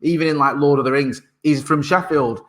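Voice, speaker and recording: Speaking a little fast in a voice on the high side, this British podcast co-host, who is a parent, keeps the casual chat full of dry jokes and banter. He frequently restarts his sentences while hunting for the right word.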